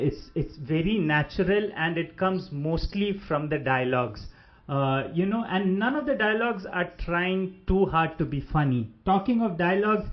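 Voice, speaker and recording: A man giving a casual spoken movie review, pausing often and restarting his sentences. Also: on the high side, highs cut off. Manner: hesitant, many fillers and restarts. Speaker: film reviewer.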